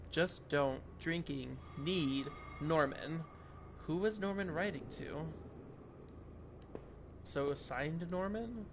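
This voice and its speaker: A man's voice: on the high side, creaky, dull audio, background noise. A young man playing a horror game, reading its text aloud and swearing at it in frustration. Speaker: gaming video host. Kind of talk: horror game let's play.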